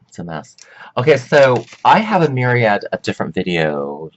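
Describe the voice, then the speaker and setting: A man's voice: mid-range voice, big pitch swings, normal speed, dull audio. A man hosting a casual video monologue, chatty and exclamatory, who drifts off topic mid-sentence. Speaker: vlog host and counselor.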